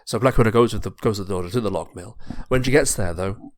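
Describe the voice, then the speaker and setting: A man on a podcast, casually narrating a pitched story, rambling and repeating words. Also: fast talker. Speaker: podcast host.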